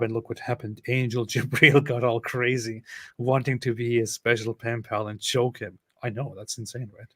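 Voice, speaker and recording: Deadpan male co-host reading chat aloud, mid-range voice, dry and close sound. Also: mid-range voice, moderate pace, no room sound. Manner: reads chat comments aloud with deadpan sarcasm. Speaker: livestream co-host reading viewer comments. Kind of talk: casual live chat.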